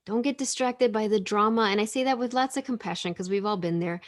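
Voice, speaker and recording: A woman's voice: mid-range voice, fairly quick. A woman hosting an online spiritual gathering, reading oracle cards to the group in a casual, gushing, enthusiastic way over a video call.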